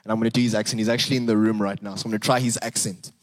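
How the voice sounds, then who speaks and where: A young man preaching a sermon, earnest and animated, repeating words and rising for emphasis. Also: lowish voice, very fast. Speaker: pastor.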